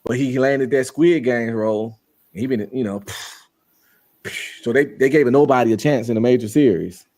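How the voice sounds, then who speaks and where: A man co-hosting a podcast in casual chat, slangy and opinionated, quick to agree. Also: medium pitch, warm tone. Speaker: podcast co-host.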